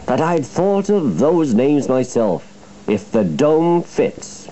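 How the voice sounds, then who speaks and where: A polite, dignified tank engine, as a man puts him on, speaking gravely and with courtesy. His voice sits a little high, mellow and slow, on a children's storybook tape. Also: big pitch swings, a little hiss or hum, full character voice, poor audio.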